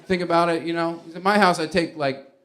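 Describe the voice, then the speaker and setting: A man in a stand-up set, musing and rambling with half-laughing asides. His voice sits a bit high, and his delivery wanders through loose questions. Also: fairly even intonation, fairly quick, a bit bright, a little hiss or hum. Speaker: stand-up comedian.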